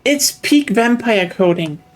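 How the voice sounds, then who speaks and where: A woman's voice: a little high, animated, slow, faint music behind. A woman playing a game with a friend on stream, chatting casually and teasing her playfully. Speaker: co-player. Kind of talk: casual gaming chat.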